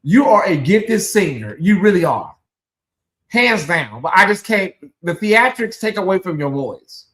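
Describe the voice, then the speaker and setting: Sassy, gossipy live commentary host. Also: measured pace. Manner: sassy, gossipy, talks to viewers as "girl" and "honey"; animated, swings between loud exclaims and low asides. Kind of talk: live reaction commentary, reading chat comments.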